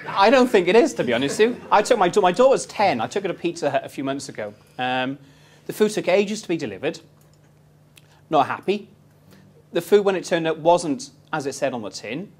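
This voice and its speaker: A man's voice: on the high side, lively intonation, brisk, darkish tone, husky. A man in his thirties giving a live property investment seminar, telling stories cheekily and quizzing his audience.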